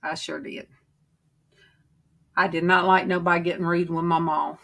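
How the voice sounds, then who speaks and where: A middle-aged woman, rambling in homey, drawn-out stories as she chats casually with her livestream viewers. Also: fairly low pitch, flat delivery, gravelly, a bit bright. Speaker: livestream host.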